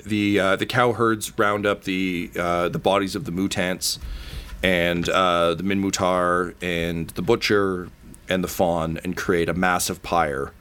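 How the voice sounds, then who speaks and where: A man narrating as game master of a tabletop game, halting with many fillers and casual swearing. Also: sits low, a bit bright, clean tone.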